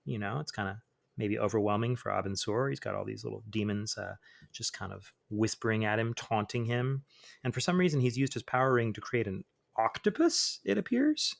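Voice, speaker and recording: A comics podcast host with a fairly low, creaky voice talks fairly quickly and with lively intonation. His casual commentary is packed with fillers, and he reads quotes dramatically between laid-back remarks.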